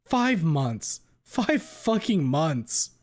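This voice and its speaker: A man's voice: mid-range voice, moderate pace, husky. A man voicing a remorseful, distraught young woman. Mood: furious. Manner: anguished, shouting and swearing in bursts. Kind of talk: dramatic fan fiction reading.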